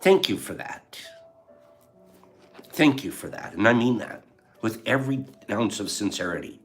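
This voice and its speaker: Animated low-voiced older man hosting a stream. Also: measured pace, faint music behind. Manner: emotional, laughing often, wandering and heartfelt. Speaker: livestream host. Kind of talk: casual livestream chat to viewers.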